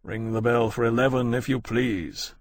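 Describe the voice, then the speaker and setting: A man's voice: medium pitch, steady tone, normal speed, dry recording, studio quality, natural voice. A man reading an audiobook, voicing a formal officer who speaks curtly. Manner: formal, curt. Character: formal officer, first lieutenant, adult man. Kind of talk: audiobook character voice.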